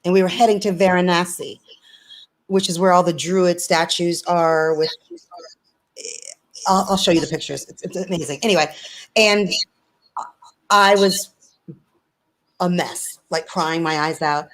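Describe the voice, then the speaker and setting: A woman's voice: fairly low pitch, steady tone, a little slow, long pauses, poor audio. Female interview guest, earnest storyteller, video call sound. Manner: earnest, storytelling, many restarts. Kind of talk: casual conversation.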